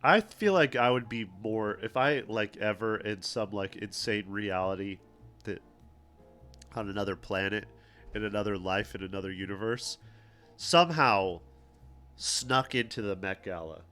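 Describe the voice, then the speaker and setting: A man's voice: on the low side, a little slow, a bit bright, faint music behind. A man co-hosting a livestream, giving offhand, mocking outfit commentary that trails off into fillers. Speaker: podcast co-host.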